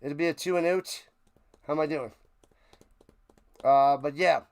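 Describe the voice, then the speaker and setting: His voice a little high, slightly slow and a bit mellow, a New York-accented man streams a football watch party with a clear, resonant tone. He rambles playfully, mixing play-by-play calls with chatter about snacks.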